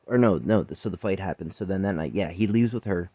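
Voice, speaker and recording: Deep, dark-voiced man telling a raw story. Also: quick pace, dry recording. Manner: raw, profane, emotional retelling; quiet and subdued when remorseful. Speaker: vlogger telling his life story. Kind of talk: personal storytelling to camera.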